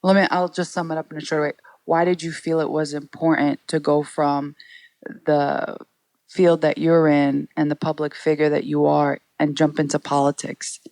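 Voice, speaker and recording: Low-voiced woman speaking in a flat, dry tone. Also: normal speed, creaky, no echo. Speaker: podcast guest, political candidate. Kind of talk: casual interview.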